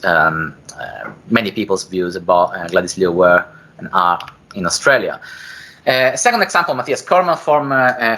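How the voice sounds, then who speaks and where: A man's voice: fairly low pitch, bright, forceful tone, poor audio. A man giving an academic seminar presentation, hesitant, with frequent fillers and self-corrections. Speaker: academic speaker.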